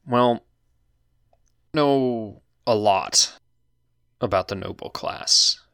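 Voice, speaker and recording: A man running a tabletop role-playing game as game master, speaking in a halting, hesitant way. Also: on the low side, gravelly, fairly bright tone, smooth, no room sound, studio quality.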